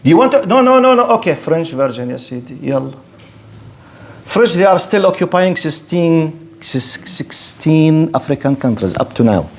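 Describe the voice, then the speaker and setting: A man lectures in English on religion, his voice sitting a little high for a man. He argues with lively rhetoric, firing questions and answering imagined objectors himself. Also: normal speed. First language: Arabic. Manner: animated, rhetorical, mock-debates imagined objectors. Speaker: Islamic lecturer.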